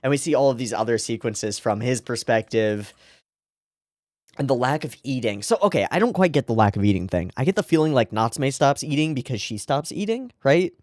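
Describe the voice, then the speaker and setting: A man's voice: mid-range voice, lively intonation, fairly quick, darkish tone, no echo, clean studio sound. A man hosting an anime reaction show, talking casually and emotionally and swearing freely as he comments.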